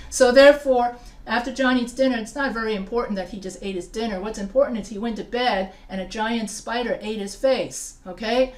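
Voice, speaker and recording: In this live lecture, a writing instructor speaks in a somewhat high, darkish voice at ordinary speed, pausing little. Her delivery is casual, full of restarts and frequent check-ins with the class. The room is reverberant and her voice seems far from the microphone.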